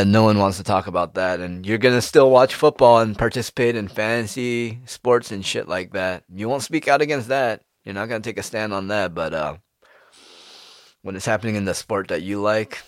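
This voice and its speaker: A man's voice: fairly low pitch, moderate pace, no room sound, clean studio sound. A man ranting in a casual monologue, swearing freely and firing off rhetorical questions. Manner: animated, profane, rhetorical questions.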